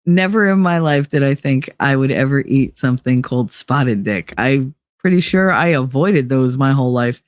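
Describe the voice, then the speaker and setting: A host from the UK, chatting casually and reading out live comments, with animated, sarcastic asides. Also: mid-range voice, moderate pace, no room sound, clean studio sound. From United Kingdom. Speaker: livestream podcast host.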